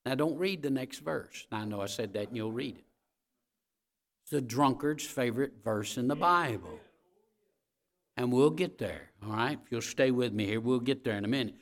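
A man preaching a sermon as pastor, speaking to his congregation directly and folksily, repeating key phrases and swinging between loud emphasis and quiet asides. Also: mid-range voice, moderate pace.

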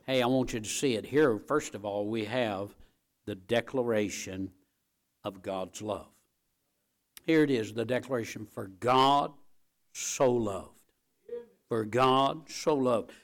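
A middle-aged man delivering a sermon in an emphatic preaching style. He repeats key phrases for weight and moves between hushed, low stretches and loud, driving climaxes. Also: slow pace, pauses often. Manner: emphatic, repeats phrases, rises and falls in volume.

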